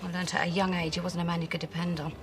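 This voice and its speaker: Actress playing a fast-talking frazzled woman. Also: fairly low pitch, little pitch movement, noisy background, natural voice. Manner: exasperated, chatty. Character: frazzled middle-aged woman club runner, bitter. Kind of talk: TV soap drama.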